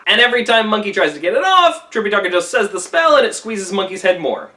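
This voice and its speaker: A man teaching a classic story in a wry, casual, conversational way, pausing to comment on its meaning. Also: sits high, very animated, bright, forceful tone, distant mic. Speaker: literature teacher.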